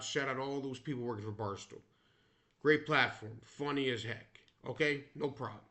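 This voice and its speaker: A man talks football in a loose, rambling solo commentary, circling back and restarting his thoughts as he goes. His voice is bright and a bit higher than most men's, carrying a sharp, forward edge. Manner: rambling, restarts often, opinionated. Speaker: sports vlogger. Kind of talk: casual sports commentary.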